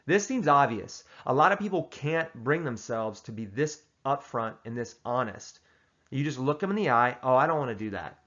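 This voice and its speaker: Deadpan man giving mock advice. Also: medium pitch, normal speed, muffled recording. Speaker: host giving tongue-in-cheek advice. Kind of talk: casual comedic advice monologue.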